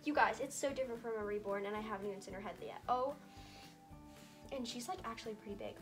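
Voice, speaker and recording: A woman filming an unboxing vlog, talking in a gushing, excitable way full of fillers, recorded by a camera on a tripod at home. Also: mid-range voice, fast. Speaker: doll collector vlogger. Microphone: camera on a tall tripod. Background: background music.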